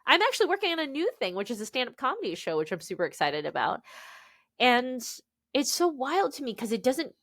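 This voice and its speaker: A woman in her thirties from the United States, an author telling stories as a guest on a podcast interview in an animated, expressive way. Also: high-pitched, a little fast, dry recording.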